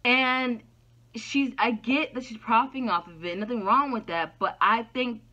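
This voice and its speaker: A woman's voice: on the high side, moderate pace, sharp tone. A woman talking frankly to camera in an opinion vlog, throwing out rhetorical questions and answering them herself. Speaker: YouTuber. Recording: dull lo-fi sound.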